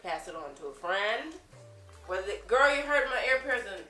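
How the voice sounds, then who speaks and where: A woman's voice: mid-range voice, animated, moderate pace, bright, forceful tone, far from the mic. A teenage girl chatting playfully on her vlog, telling stories in a teasing, giggly way. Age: teens. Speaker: vlogger. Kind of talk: casual chat. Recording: roomy sound with faint music.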